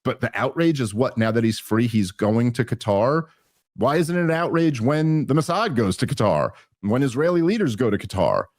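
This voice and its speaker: A man hosting a political podcast, talking in an animated, indignant way and often restarting his sentences. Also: mid-range voice, normal speed, no echo, clean studio sound. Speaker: podcast host. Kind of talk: political commentary chat.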